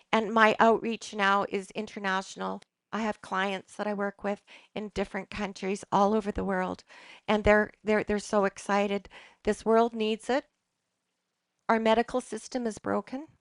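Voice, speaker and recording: This holistic practitioner, a middle-aged woman with a mid-range voice, delivers an earnest and emphatic motivational talk before a live audience, frequently starting her sentences over. The recording is dry.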